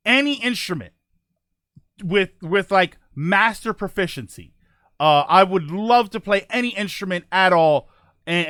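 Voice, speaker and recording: A man with a high, animated voice hosts a casual live stream and talks straight to his viewers. He rambles and corrects himself as he goes. The sound is dry and close, with no room around it. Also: smooth, no room sound. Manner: rambling, self-correcting, reads chat aloud. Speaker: livestream host.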